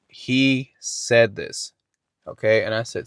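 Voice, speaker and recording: A man's voice: fairly low pitch, moderate pace, no room sound, studio quality. A man hosting a podcast and telling a casual, rambling story, swearing often and restarting his words. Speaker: podcast host.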